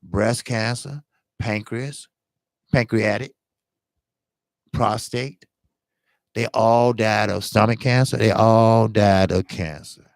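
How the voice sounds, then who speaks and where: A man's voice: fairly low pitch, fairly even intonation, takes it slowly, gravelly, long pauses, no room sound. A man hosting a boxing channel, talking casually on a live stream in an earnest, blunt way and repeating himself for emphasis.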